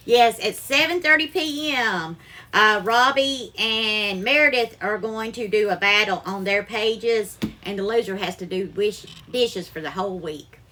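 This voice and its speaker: A woman's voice: a little high, sharp tone. A woman hosting a live-stream cooking show from her kitchen, greeting viewers by name and calling them darling.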